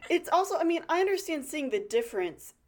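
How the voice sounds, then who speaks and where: A woman's voice: high-pitched, big pitch swings, brisk, a little mellow, slight background noise. A woman co-hosting a podcast in casual chat, making blunt points with plenty of swearing. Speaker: podcast co-host.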